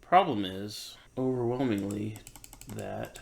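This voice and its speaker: A man's voice: lowish voice, slow pace, gravelly, darkish tone. A man musician thinking aloud in an easygoing, self-doubting way while he records in his home studio. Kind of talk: casual talk while recording.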